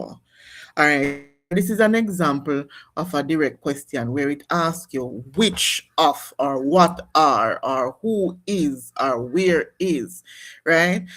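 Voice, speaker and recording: A woman's voice: deep voice, a little hiss or hum. Woman, nursing instructor, classroom lecture, step-by-step explaining, quizzes students. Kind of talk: classroom lecture on exam questions.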